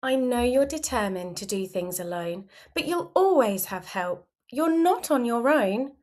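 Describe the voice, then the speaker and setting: A woman reads a rhyming picture book to children, gentle and expressive. Her fairly high voice rises and falls in a lively, sing-song way. She takes her time over every line. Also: unhurried. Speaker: storybook reader. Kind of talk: children's read-aloud in rhyme.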